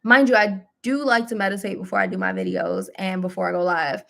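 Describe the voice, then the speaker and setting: A woman hosting a spiritual live stream, talking casually and encouragingly with some laughs and relaxed colloquial phrasing. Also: mid-range voice, a little fast. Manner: warm, chatty, with laughs, mild self-deprecation and AAVE phrasing.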